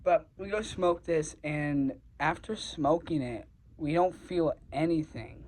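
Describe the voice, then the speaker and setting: Young male vlogger, slightly high voice, rambling and profane storytelling, heats up as he goes. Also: slow, a little mellow, poor audio. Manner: rambling, filler-heavy, profane, gets heated. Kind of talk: casual storytelling.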